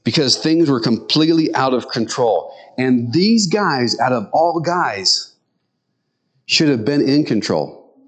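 A middle-aged man preaching a sermon, telling ranch stories and acting out scripture with animated voices. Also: slow pace. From grew up on a ranch. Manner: animated storytelling, acts out the disciples in high yelling voices. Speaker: pastor.

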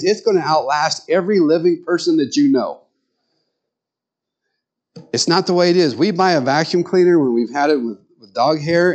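Man preaching a conversational sermon. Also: a little high. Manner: conversational, animated storytelling with quoted voices. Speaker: pastor.

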